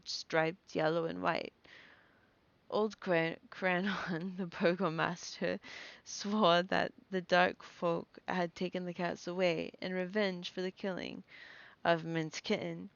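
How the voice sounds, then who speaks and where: A woman's voice: on the low side, vocal fry, no echo, dull audio. A young woman reading a story aloud on a live stream, stumbling over names and breaking off to react and laugh.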